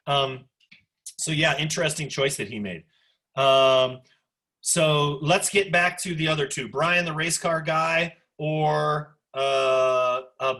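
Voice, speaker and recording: A man in his forties teaching a sociology class over a video call, animated and chatty, full of asides. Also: on the high side, a little slow. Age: 40s. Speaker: sociology instructor. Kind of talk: online class discussion lecture.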